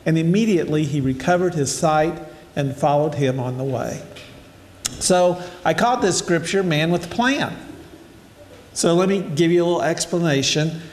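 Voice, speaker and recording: An older preacher gives a casual sermon, reading scripture and then unpacking it in a conversational, storytelling style while speaking directly to his listeners. His voice is a little high and a little mellow, echoing in a hall.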